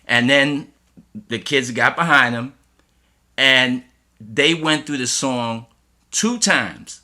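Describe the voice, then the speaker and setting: A middle-aged man, a school teacher, telling an animated story in an interview and acting out the people he quotes. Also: mid-range voice, takes it slowly. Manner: lively storyteller who acts out the voices of people he quotes.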